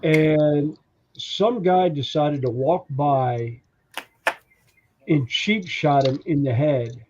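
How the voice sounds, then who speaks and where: A man telling stories in a casual podcast chat, animated and acting out the voices of the people in his stories. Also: fairly high pitch, drawn-out words, dull audio, a little hiss or hum. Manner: animated storyteller who acts out quoted voices. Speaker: podcast co-host.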